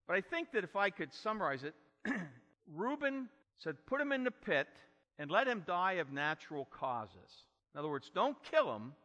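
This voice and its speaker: Animated preacher in a reverberant hall. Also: male voice, on the high side. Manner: animated, dramatic storyteller. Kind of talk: expository sermon.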